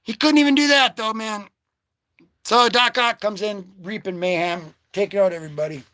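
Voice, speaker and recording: Excitable high-voiced man, dry sound. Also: moderate pace, no room sound. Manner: excitable, slangy, joking. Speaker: comic book vlogger. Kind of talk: casual livestream commentary.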